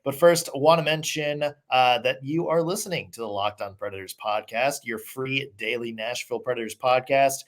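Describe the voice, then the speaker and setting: A man's voice: medium pitch, normal speed, hardly any pauses. A man hosting a sports podcast, chatting casually in an upbeat way with lots of fillers. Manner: upbeat, conversational with many fillers. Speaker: podcast host.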